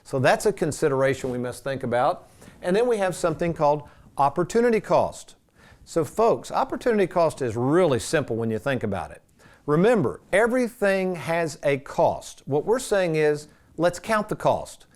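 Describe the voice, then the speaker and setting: Male host, emphatic and folksy, a touch high-pitched, talking viewers through money costs. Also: big pitch swings, moderate pace. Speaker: financial advisor and show host. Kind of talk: presenting a money show to viewers.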